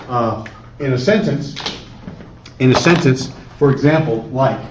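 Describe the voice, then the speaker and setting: Coaxing Spanish teacher in an echoey classroom. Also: male voice, mid-range voice, a little mellow, a little hiss or hum. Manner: questioning, coaxing students with repeated prompts. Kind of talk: classroom lesson. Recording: echoey room, distant lo-fi camera audio.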